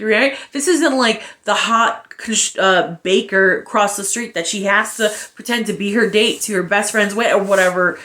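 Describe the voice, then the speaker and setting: Woman, book reviewer, slightly high voice, lively, sarcastic, swears casually. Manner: animated, sarcastic, exasperated asides, profanity.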